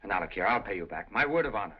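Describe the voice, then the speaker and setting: A man's voice: low voice, lively intonation, rapid-fire, breathy edge. A man playing a broke, charming gambler in a 1930s film, polite, flustered and wryly evasive. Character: broke charming young American gambler, cornered but polite. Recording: dull old film soundtrack.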